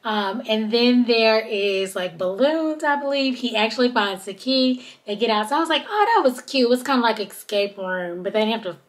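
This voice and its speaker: A woman's voice: fairly high pitch, moderate pace, few pauses. A woman hosting a podcast, telling a reality-show episode in casual chat and quoting the cast as she goes. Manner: chatty, animated retelling with quoted voices. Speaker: podcast host.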